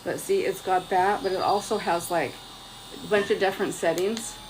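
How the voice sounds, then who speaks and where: A woman's voice: fairly low pitch, steady tone, normal speed, a little hiss or hum, rough recording. A woman chatting casually on a live stream at home, rambling and joking at her own expense while she shows off products into her phone. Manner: chatty, rambling, self-mocking. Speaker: vlogger.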